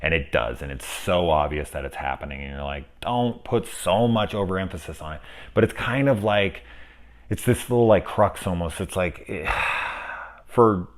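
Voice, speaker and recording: A man casually talking through a spoiler film review, rambling and profane, with animated asides. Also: low voice, normal speed.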